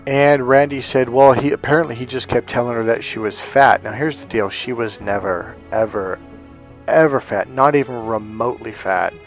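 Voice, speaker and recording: A man's voice: mid-range voice, moderate pace, soft background music. A middle-aged man, a relationship coach, telling a personal story in a casual monologue, acting out the voices of the people he quotes, with lots of fillers. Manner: animated, acts out quoted voices, many fillers.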